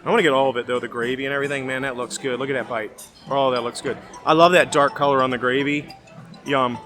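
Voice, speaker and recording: A man's voice: medium pitch, steady tone, quick pace, fairly bright tone, faint music behind. Rambling man tasting food outdoors. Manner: rambling, hesitant, many fillers. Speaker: vlogger. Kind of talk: casual food-tasting chat. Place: outdoor festival.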